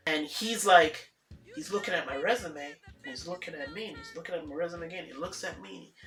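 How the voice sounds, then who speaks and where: A woman telling a personal story in a casual, animated way, acting out the dialogue and laughing often. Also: fairly low pitch, a little fast. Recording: echoey room with faint music.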